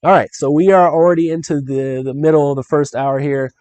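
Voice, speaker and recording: A man hosting a live solo board game playthrough, animated and excitable, talking straight to his viewers. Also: a little high, fairly quick, no room sound. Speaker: board game show host.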